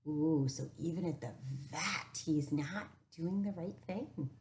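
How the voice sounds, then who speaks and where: A woman reading a children's storybook aloud and stopping to ask the listener questions in an animated way. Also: low voice, slow pace. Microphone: camera mic.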